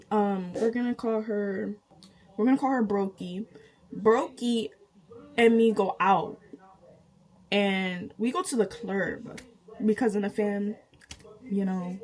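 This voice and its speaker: A young woman tells a personal story straight to her viewers. She is animated and chatty, laughing often and jumping high in pitch with disbelief. Her voice sits at an ordinary middle pitch. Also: low-quality recording. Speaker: vlogger. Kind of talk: casual storytime.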